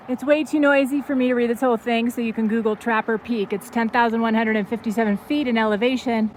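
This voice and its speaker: A woman talking to her camera outdoors during a long bike ride, sounding worn out and chatty, grumbling one moment and excited the next. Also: a little high, low-quality recording. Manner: chatty, swings between tired grumbling and excited squeals. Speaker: vlogger. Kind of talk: casual travel vlog narration. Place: outdoors on a roadside. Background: passing traffic and outdoor ambience.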